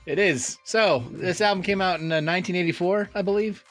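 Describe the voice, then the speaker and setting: A man's voice: sits high, a little fast, a bit bright, soft background music. A man co-hosting a podcast in easygoing casual chat, with hesitant fillers. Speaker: podcast co-host.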